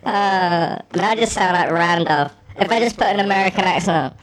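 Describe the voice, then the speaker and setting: An English man whose voice is pitch-shifted up high by the mixer, so he sounds thin and helium-like. He talks playfully and giggles as he goes. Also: brisk, crowd noise.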